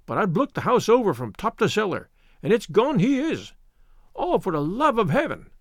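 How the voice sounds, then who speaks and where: A man's voice: high voice, huge pitch swings, slow, pushed and bright, dry recording, clean studio sound, exaggerated voice. A man voicing a frantic middle-aged Irish landlady who wails tearfully over her lost boy in an audiobook reading. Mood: wailing. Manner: wailing, tearful.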